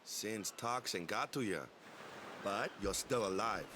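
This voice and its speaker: A man's voice: fairly low pitch, measured pace, sharp tone, a little hiss or hum. An actor playing an easygoing young male sports captain in a video game, with a put-on Caribbean-style lilt and a brotherly way of talking. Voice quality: easygoing, friendly, says "brother" and "ya". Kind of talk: video game character dialogue.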